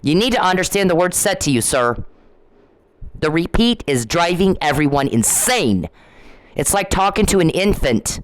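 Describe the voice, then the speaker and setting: A woman's voice: fairly low pitch, sing-song, moderate pace, dry recording, low-quality recording. Middle-aged woman, ranting vlog, scolding and repetitive, dry close sound. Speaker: vlogger. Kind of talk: ranting monologue to camera.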